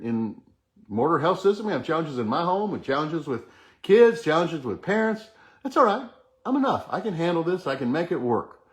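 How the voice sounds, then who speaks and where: A middle-aged man hosting a motivational talk, earnestly leading the listener through repeated affirmations. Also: fairly high pitch. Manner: earnest, repetitive chanting of affirmations. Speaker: host.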